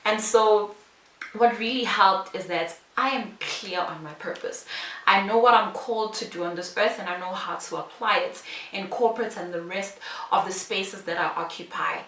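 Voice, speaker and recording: A woman from South Africa telling her own story to camera in a casual vlog, animated, acting out the other people's lines. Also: medium pitch, moderate pace, roomy sound, far from the mic. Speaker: vlogger.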